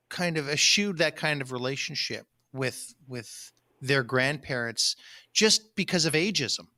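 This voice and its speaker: A man hosting a radio interview, thoughtful and halting as he frames his questions. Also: a little high, sharp tone. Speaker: radio host.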